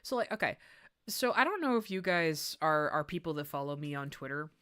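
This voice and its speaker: A young woman streamer chatting as she sketches, excitable and gushing, with frequent laughter. Her voice sits low but swings widely in pitch, so she keeps jumping between murmured asides and bright squeals. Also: fairly quick, clean tone. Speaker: art streamer. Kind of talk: casual livestream chat while drawing.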